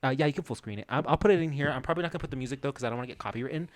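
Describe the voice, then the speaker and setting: A young man hosting a casual podcast, rambling and animated with lots of "like". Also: mid-range voice, rapid-fire. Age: young adult. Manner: rambling, animated, many "like" fillers. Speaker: podcast host. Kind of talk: casual chat.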